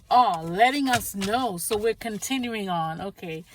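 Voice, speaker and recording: A woman giving a casual spiritual tarot reading, chatty and quick to laugh, stopping to pray aloud between the cards. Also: mid-range voice, lively intonation, distant mic, background noise.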